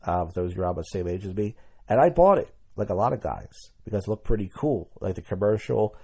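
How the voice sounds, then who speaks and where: A man's voice: on the low side, animated, fast talker, a little mellow, breathy edge. A young adult man hosting a podcast, telling crude, rambling comedic stories and mimicking people he quotes. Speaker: podcast host. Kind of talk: comedic monologue.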